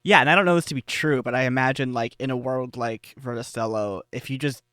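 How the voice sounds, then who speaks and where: A man on a tabletop podcast thinks out loud, rambling with many fillers and chuckles. His voice is mid-pitched, and the recording is dry. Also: fairly quick, clean tone, no echo. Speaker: player and co-host. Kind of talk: casual podcast chat.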